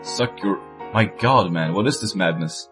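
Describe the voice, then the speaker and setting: A man's voice: on the low side, unhurried, over music, lightly acted. A man reading aloud as a pompous, indignant rich old capitalist, with mock-posh outrage. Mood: aghast.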